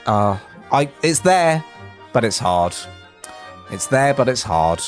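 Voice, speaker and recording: A man's voice: mid-range voice, big pitch swings, slow, long pauses, soft background music. A man chatting casually on a live game stream, rambling and self-deprecating with a jokey manner. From England.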